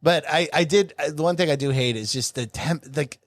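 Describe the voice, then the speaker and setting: Comedy podcast host, fairly high voice, dry close sound, animated and profane storyteller. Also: male voice, brisk, dry recording. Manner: profane, animated, acts out quoted people.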